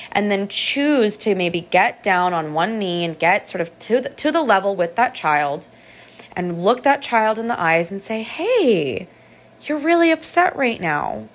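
A woman art therapist giving a calm, reflective motivational podcast talk, guiding listeners through a visualization. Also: lowish voice.

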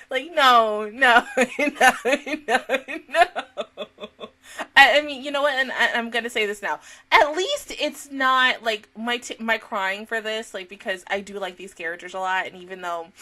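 Emotional, animated woman reacting to anime. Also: fairly high pitch. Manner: emotional, rambling, swears often. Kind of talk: casual reaction commentary. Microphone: headphones on.

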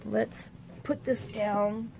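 A woman hosting a casual crafting tutorial. She thinks aloud in a rambling, chatty way and often drops into quiet muttering to herself as she works. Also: medium pitch, fairly even intonation, drawn-out words, vocal fry, background noise. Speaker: crafting channel host.

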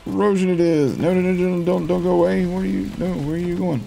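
A man giving casual, jokey commentary over his own gameplay, laughing often and getting excitable. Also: mid-range voice, brisk, creaky, soft background music. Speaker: gaming streamer.

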